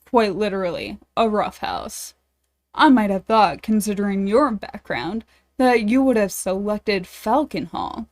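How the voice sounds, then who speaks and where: A woman's voice: mid-range voice, darkish tone, lightly acted. A woman doing a stern, stuffy old professor. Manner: formal, disapproving. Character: stern older male British professor.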